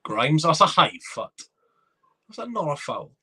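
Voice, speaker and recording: Bright-voiced excitable football fan. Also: male voice, fairly high pitch, measured pace, husky. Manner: excitable, chatty, reads viewer comments aloud. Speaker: fan watchalong host. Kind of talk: live reaction commentary.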